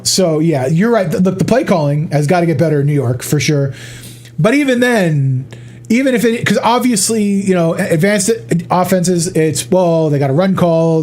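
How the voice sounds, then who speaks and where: A man with a notably high speaking voice hosts a loose, unscripted sports betting show. He rambles, swears freely and breaks into laughter as he reacts. He sounds like a regular host talking straight to his listeners. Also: a little mellow. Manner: profane, rambling, laughs often. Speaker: podcast host. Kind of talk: casual sports betting chat.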